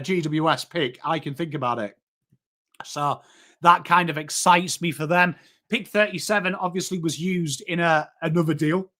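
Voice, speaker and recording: Matey English footy streamer. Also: male voice, fairly high pitch, a bit bright. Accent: Yorkshire. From England. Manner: chatty and matey, greets chat by name, swears. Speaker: host. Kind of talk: live-stream sports chat.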